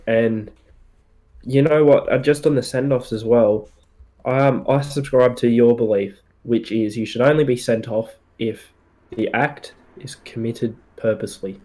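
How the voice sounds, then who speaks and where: Relaxed man with a mellow voice. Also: mid-range voice, a little slow. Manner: relaxed, opinionated, hesitant with fillers. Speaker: podcast co-host. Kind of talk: casual sports chat.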